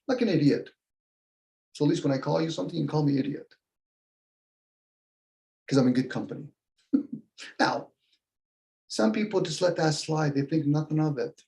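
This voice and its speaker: A man co-hosting a casual philosophical talk show, animated and acting out quoted exchanges as he talks. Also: medium pitch, brisk, gravelly, pauses often, low-quality recording. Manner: animated, acts out quoted dialogue. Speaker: co-host.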